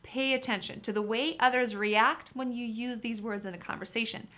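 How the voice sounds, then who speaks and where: A woman's voice: a little high, fairly even intonation, moderate pace, bright, forceful tone. A woman teaching vocabulary in an upbeat, chatty lesson, talking to viewers as guys. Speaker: vocabulary tutor. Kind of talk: lively test-prep lesson.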